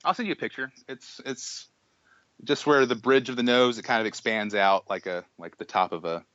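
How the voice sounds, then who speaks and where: A young man co-hosting a podcast, telling an animated story in casual chat, full of restarts and acted-out quotes. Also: medium pitch, moderate pace, dry recording, dull audio. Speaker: podcast co-host.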